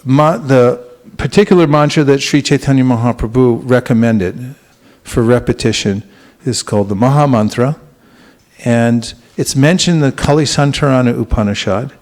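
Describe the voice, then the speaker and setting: In a temple hall, a male spiritual teacher talks to his congregation without rushing. His voice is mid-range and gentle, and he keeps restarting lines and posing questions to those gathered.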